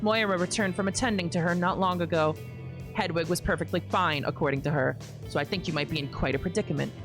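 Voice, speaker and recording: A young woman streamer reading a visual novel aloud, expressive, with wry asides. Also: fairly low pitch, fast, over music.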